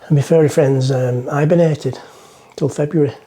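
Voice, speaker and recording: Middle-aged bloke rambling on about a joke, mellow slightly high voice, talks to camera outdoors on a boat. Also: male voice, fairly even intonation, normal speed, slight background noise. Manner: rambling, self-mocking, chatty. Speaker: vlogger. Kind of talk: casual chat to camera, joke-telling.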